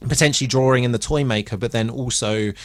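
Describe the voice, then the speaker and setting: A man's voice: mid-range voice, quick pace, no room sound. A man recapping a TV episode for a review podcast in a rambling, casual way, with lots of fillers and restarts.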